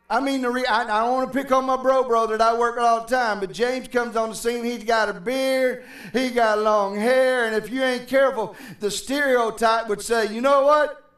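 A middle-aged pastor preaches a sermon in a church sanctuary, talking conversationally and calling out to the congregation. His voice is very high and fairly bright, picked up from a distance in the roomy church.

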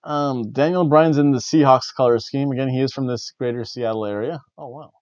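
A man's voice: medium pitch, a little fast, a little mellow, dry recording, muffled recording. A man hosting a wrestling review show, rambling in casual chat with wry, jokey asides. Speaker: wrestling review podcast host.

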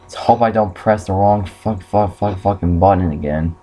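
A man's voice: low-pitched, normal speed, mellow, soft background music. A young man commenting on a horror game playthrough, swearing often and yelping when startled. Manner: swears a lot, jumpy and startled. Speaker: gamer.

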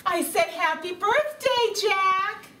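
A shrill, exasperated wife, as a woman acts her out, calling out loudly in a very high voice. The sound is roomy and distant. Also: lively intonation, measured pace, exaggerated voice.

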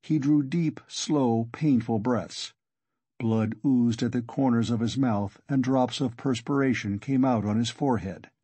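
A man narrating a classic novel as an audiobook, reading at a steady, measured pace. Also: mid-range voice, no room sound.

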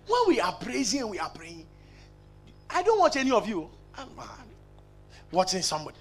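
A man preaching a sermon, emphatic and repetitive, swinging between shouted lines and hushed asides. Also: very high voice, sing-song, normal speed, pauses often, breathy edge, low-quality recording. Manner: repetitive, rhetorical.

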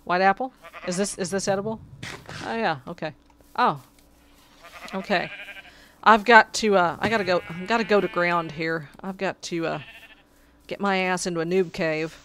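Against slight background noise, a woman with a lowish, fairly bright voice narrates her gameplay at a moderate pace, pausing often. She gets exasperated and trades sarcastic remarks with the game's creatures.

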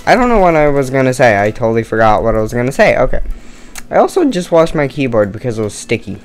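A man's voice: mid-range voice, sing-song, quick pace, faint music behind. A man doing casual let's-play commentary on a murder mystery game, tired from no caffeine, rambling, joking at himself and swearing.

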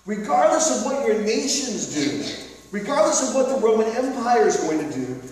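A man preaching a sermon as pastor, emphatic and repetitive, full of rhetorical questions. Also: very high voice. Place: church sanctuary. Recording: echoey hall recorded from far off.

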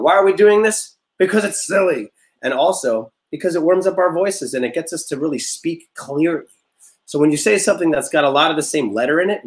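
A young man teaching a music class, leading vocal warm-ups in an upbeat, encouraging way and explaining step by step. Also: a little high. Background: guitar notes played under the talk.

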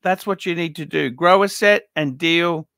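A middle-aged man reviews a watch collection in a blunt, swearing rant. His voice sits high and gravelly, with a sharp, forceful edge. The sound is dry and close. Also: moderate pace, no room sound. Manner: blunt, profane, ranting advice. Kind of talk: unscripted paid review monologue.

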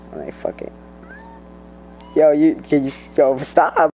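A man's voice: mid-range voice, sing-song, unhurried, mellow, lo-fi sound, slight background noise. Giggly young guy narrating his gameplay. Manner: giggly, laughs often, playful trash talk. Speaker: gamer streaming his play. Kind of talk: casual gameplay commentary.

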